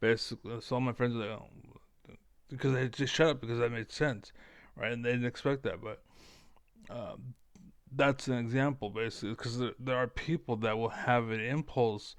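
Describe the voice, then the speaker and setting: Blunt, rambling man with a smooth voice. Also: mid-range voice, steady tone, normal speed, no room sound. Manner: rambling, blunt and self-assured. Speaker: online commentator. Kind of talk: casual monologue to camera.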